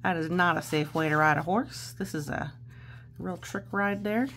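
A woman reading a children's picture book aloud slowly and playfully, chatting about the pictures and acting out the silly noises. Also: fairly low pitch, slight background noise. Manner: slow, gentle, playful, acts out noises.

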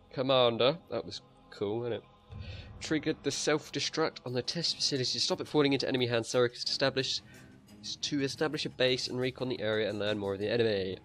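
A young man giving casual let's-play commentary, swearing freely and muttering to himself as he plays. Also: mid-range voice. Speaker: gaming channel host.

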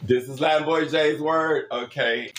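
High-pitched sassy giggly man. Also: fairly even intonation, measured pace, fairly bright tone, reverberant, soft background music. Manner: giggly, laughs constantly; sassy, swears casually. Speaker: host. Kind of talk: playful party-game chat.

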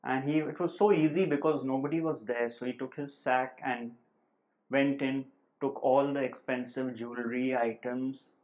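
A man giving a relaxed, conversational spiritual talk at home. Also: medium pitch, muffled recording. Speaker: spiritual teacher. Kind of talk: informal talk on non-duality with a joke. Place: home living room.

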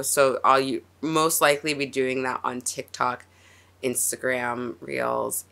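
A woman's voice: extremely low pitch, fairly bright tone. Rambling, emotional woman reviewing a show. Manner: rambling and emotional, with frequent laughs and restarts. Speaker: reaction video host. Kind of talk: casual TV reaction and review.

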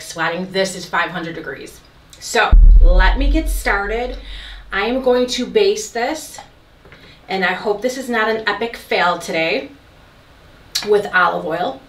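A woman hosting a casual cooking vlog in her kitchen, excitable and nervous, laughing a lot as she cooks. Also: mid-range voice. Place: indoor kitchen under lights. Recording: roomy echo, distant from mic, kitchen sizzle. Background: food frying and sizzling.

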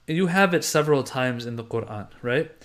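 A middle-aged man teaching a religious class, explaining a text with lively emphasis, rhetorical questions and everyday examples. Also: mid-range voice, moderate pace. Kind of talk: explanatory lecture reading from a text.

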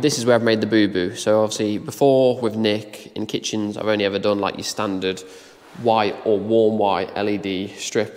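An electrician vlogging casually, a bit ill and tired, explaining his work and his own mistakes in a chatty, self-deprecating way. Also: fairly low pitch. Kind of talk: casual vlog chat. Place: building site and van, handheld camera. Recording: long reverb in an empty room.

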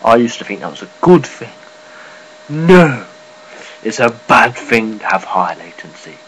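A man giving a casual, rambling vlog update, swearing offhandedly and filling pauses. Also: on the low side, a bit bright, slight background noise, low-quality recording. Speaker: gaming and news vlogger.

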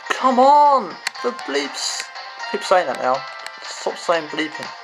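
Man, gameplay commentary, frustrated and swearing, unhurried, animated pitch. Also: rough recording. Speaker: gamer. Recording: game music behind the voice.

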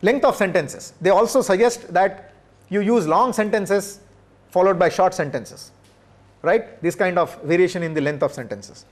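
Middle-aged male professor, higher-pitched voice, measured workshop lecture, hesitant fillers, tag questions to the room. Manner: measured, checks in with "right?" and "okay?".

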